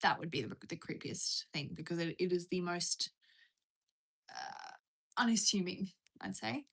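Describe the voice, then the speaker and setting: Aussie woman on a livestream, just chatting, reads chat questions out loud and rambles on. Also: on the low side, huge pitch swings, a little slow, gravelly, slightly rough. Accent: Australian. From Australia. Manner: chatty, reads viewer questions aloud and rambles through answers. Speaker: live streamer answering chat. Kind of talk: casual live-stream chat.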